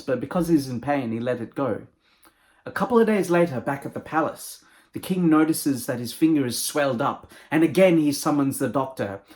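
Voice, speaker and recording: A male motivational speaker tells a moral story, his voice rising and dropping with animated energy. He narrates with warmth for effect and lands a lesson for entrepreneurs. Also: medium pitch. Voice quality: lively, animated delivery.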